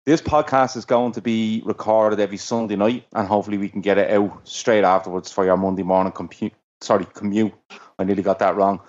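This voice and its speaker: A man's voice: fairly low pitch, fairly even intonation, fairly quick, darkish tone. A man hosting a casual football podcast, loose and joking, with the odd swear, on a dull lo-fi recording. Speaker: podcast host.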